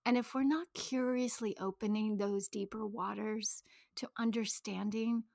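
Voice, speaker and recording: A woman's voice: medium pitch, steady tone, unhurried, creaky, darkish tone, no room sound, studio quality. A woman in her thirties telling her own story to an audience, intimate and emotional, often dropping into a whisper. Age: 30s. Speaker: speaker on money and shame. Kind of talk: personal talk to an audience.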